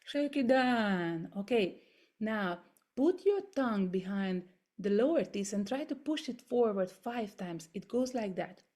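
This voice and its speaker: A woman leading a voice workshop over a video call, gently coaching step by step through exercises in English that is not her first language. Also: mid-range voice, expressive, unhurried. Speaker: voice workshop leader. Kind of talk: guided voice and body exercises.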